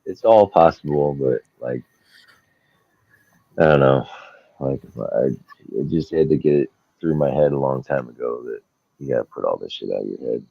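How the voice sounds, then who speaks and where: A man co-hosting a podcast, telling stories in a casual, animated way and acting out the people in them. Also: a bass voice, moderate pace, gravelly, long pauses, dry recording. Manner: animated anecdote-telling, acting out quoted people, laughs often. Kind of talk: casual storytelling chat. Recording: dull lo-fi dry sound.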